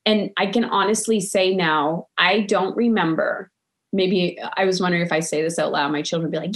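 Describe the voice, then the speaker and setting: A woman's voice: medium pitch, moderate pace. A middle-aged woman in casual conversation, talking in a loose, reflective way with lots of fillers.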